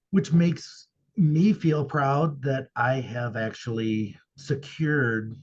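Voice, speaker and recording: A man's voice: medium pitch, slightly rough, muffled recording. A man who owns a paranormal venue, speaking as a guest in a casual interview and telling his experiences earnestly and emphatically.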